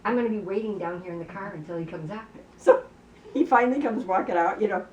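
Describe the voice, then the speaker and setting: A woman's voice: mid-range voice, fast talker, lo-fi sound. A woman telling a family story in casual conversation, acting out the dialogue and filling her talk with "you know.". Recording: roomy, distant, faint background noise.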